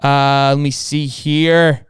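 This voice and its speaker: A young man co-hosting a live sports podcast, talking fast and hyped with plenty of slang. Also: mid-range voice, flat delivery, clear, resonant tone, no room sound, clean studio sound. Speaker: podcast co-host.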